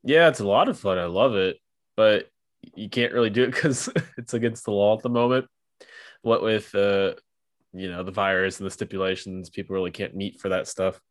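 A man's voice: fairly low pitch, normal speed. A man hosting a podcast with a stuffy nose from allergies, moving from a scripted intro into easygoing, chatty conversation. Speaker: podcast host. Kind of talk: podcast intro and casual chat.

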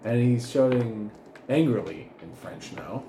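Man running a lively tabletop game. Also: mid-range voice, normal speed, reverberant, slight background noise. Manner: laughing, animated narration. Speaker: game master.

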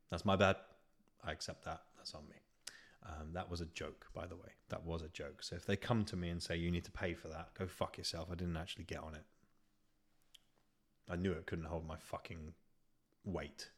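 A man's voice: sits low, breathy edge. Sweary British man ranting. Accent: British English. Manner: sweary, exasperated, self-mocking. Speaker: podcast host. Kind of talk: solo comedic rant. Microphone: podcast microphone.

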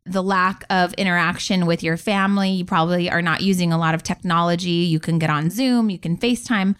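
Lively woman telling stories. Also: on the low side, a little fast, clear, resonant tone. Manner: lively storyteller who acts out quotes. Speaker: podcast co-host. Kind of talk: casual chat.

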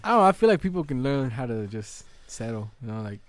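A man's voice: mid-range voice, big pitch swings, fast. A man co-hosting a podcast in casual chat, earnest and rambling with lots of fillers. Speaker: podcast co-host.

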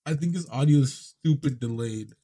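A man's voice: mid-range voice, normal speed, dark tone. A man co-hosting a podcast in casual chat, laid-back, swearing and laughing often. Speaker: podcast co-host.

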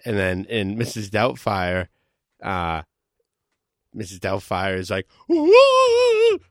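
A man in casual podcast chat, joking in a deadpan, mock-serious way. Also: low-pitched, slow, no echo, studio quality. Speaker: podcast co-host.

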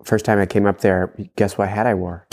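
A man's voice: fairly low pitch, little pitch movement, a little fast, creaky, a little mellow. A young adult man co-hosting a casual chat podcast, telling rambling stories and laughing often. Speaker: podcast co-host.

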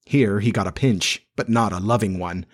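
A man reading a children's story aloud in a measured storytelling manner. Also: fairly low pitch. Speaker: audiobook narrator. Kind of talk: scripted narration.

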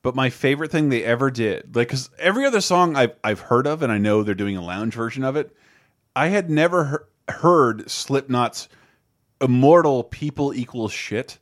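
A man co-hosting a podcast in relaxed, casual chat who laughs easily. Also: mid-range voice, moderate pace. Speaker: podcast co-host.

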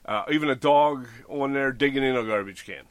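A man's voice: mid-range voice, fairly quick, clean tone, no echo. A man in casual chat, rambling and self-deprecating, with plenty of fillers. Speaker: model railroad hobbyist podcast host.

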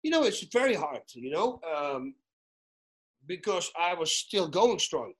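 High, husky-voiced man telling stories. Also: unhurried. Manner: excitable, acts out quoted dialogue, frequent restarts. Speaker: guest, retired fighter and commentator. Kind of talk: animated storytelling in casual chat.

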